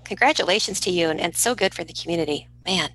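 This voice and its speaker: A woman with a bright, forceful voice pitched a little low co-hosts a podcast. She asks her guest questions and reacts with warm encouragement. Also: quick pace, poor audio. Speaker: podcast co-host.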